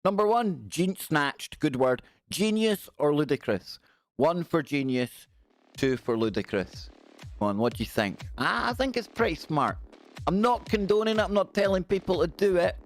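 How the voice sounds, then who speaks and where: A man's voice: fairly high pitch, very animated, normal speed, soft background music. A middle-aged man hosting a casual live stream, greeting viewers by name and joking around.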